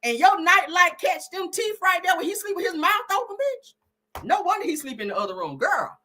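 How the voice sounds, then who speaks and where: A woman's voice: extremely high pitch, very animated, moderate pace, pushed and bright. A woman hosting a casual gossip commentary live stream, brash and profane, laughing often and calling her viewers "girl.". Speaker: host.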